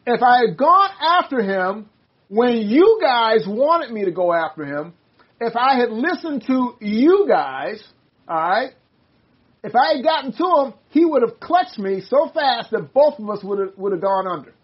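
An older Bible study leader talks casually, stumbling over restarts as they read passages aloud. The voice sounds slightly husky and sits in a mid register. The recording is dull and lo-fi. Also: medium pitch, sing-song, unhurried. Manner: rambling, many restarts, reads passages aloud.

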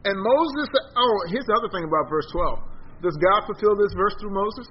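A man's voice: high voice, expressive, moderate pace. A man teaching an informal Bible class, talking conversationally and emphatically and putting questions to the group. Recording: dull lo-fi recording with faint noise.

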